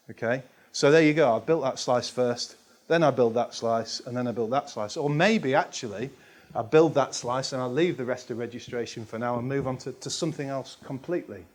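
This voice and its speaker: Male agile trainer, mid-pitched, chatty and rambling, self-deprecating. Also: fairly quick. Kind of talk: casual explanatory talk.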